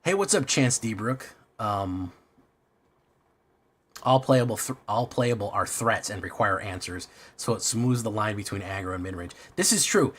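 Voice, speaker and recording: A man's voice: lowish voice, moderate pace, a bit bright, slightly rough. A man streaming a card game in casual chat, rambling and self-deprecating, swearing often.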